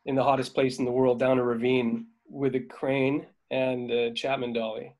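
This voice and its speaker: A middle-aged man spins loose, rambling anecdotes in a relaxed interview. His voice sits at an ordinary pitch, and he often trails off with fillers and chuckles as he recalls the work. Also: moderate pace. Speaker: veteran dolly grip, guest. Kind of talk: casual interview storytelling.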